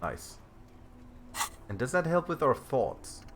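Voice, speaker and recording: A man streaming a game, reading its text and making quiet, laid-back asides. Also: mid-range voice, big pitch swings, takes it slowly, background noise.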